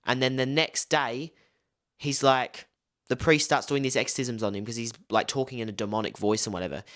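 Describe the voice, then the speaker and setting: A man's voice: medium pitch, fairly even intonation, a little fast, a bit bright. A young man casually recapping a film as a reviewer, rambling with lots of filler words. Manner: loose, rambling, full of "like" and "um". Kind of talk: casual spoken film breakdown.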